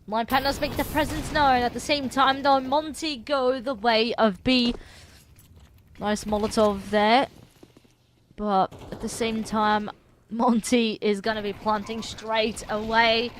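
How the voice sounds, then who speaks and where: A woman calling fast play-by-play as co-caster of a live esports match, laughing easily. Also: on the high side, fairly even intonation, a little hiss or hum.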